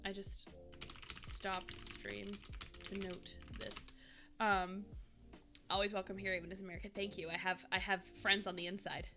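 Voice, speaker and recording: A woman's voice: medium pitch, flat delivery, moderate pace, pauses often, sharp tone, slight background noise. A young woman from Minnesota chatting casually with her stream's live chat, rambling with lots of fillers.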